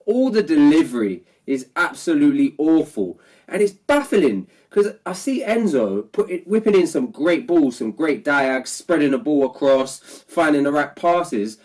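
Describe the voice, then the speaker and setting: A man's voice: fairly high pitch, big pitch swings, measured pace, a little mellow. A man who is ill and sounds nasal, delivering a frustrated post-match fan vlog rant as the channel's regular voice. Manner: frustrated, repetitive. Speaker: football fan vlogger.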